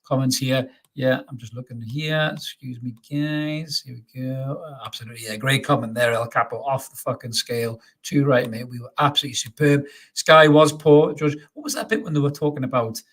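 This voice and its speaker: A man's voice: mid-range voice, fairly quick. A man hosting a live post-match fan stream, reading out viewer comments and chatting back, upbeat and calling everyone mate, often stumbling over repeated words. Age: adult father. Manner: stammers and repeats words when excited. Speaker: fan channel host.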